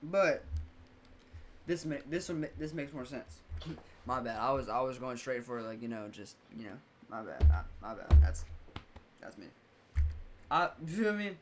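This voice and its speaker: A man's voice: medium pitch, animated, moderate pace, pauses often, faint music behind. Blunt swearing man in a reaction chat. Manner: blunt, exclaims and swears often.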